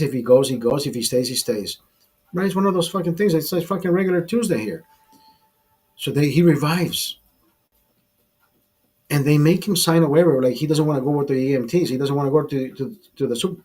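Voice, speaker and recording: A man's voice: a little high, a little mellow, husky. A man hosting a casual drinking livestream, telling a rambling, profane bar story to his viewers. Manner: profane, rambling anecdote teller. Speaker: livestream host.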